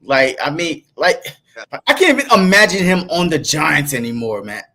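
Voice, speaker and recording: A man's voice: a little high, very animated, moderate pace, pushed and bright. Laid-back man talking sports. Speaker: podcast co-host. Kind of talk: casual sports talk.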